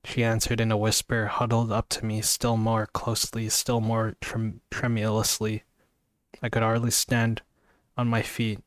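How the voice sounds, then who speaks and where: A man's voice: fairly low pitch, monotone, measured pace, smooth, dry recording. A man casually reading a novel aloud, sleepy and yawning, stumbling over words and apologizing. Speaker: amateur reader.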